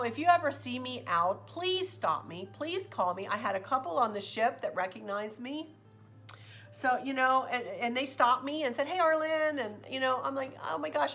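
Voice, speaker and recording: A woman telling a story in a chatty, expressive vlog. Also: mid-range voice. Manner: chatty, expressive, says "y'all". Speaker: vlogger.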